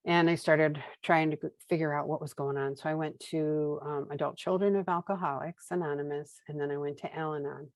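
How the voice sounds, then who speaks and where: A woman's voice: deep voice, fairly even intonation, a little fast, few pauses, no echo, rough recording. A woman in her fifties from Minnesota, candidly telling her recovery story as a guest, with wry humor and acted-out dialogue. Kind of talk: casual personal storytelling.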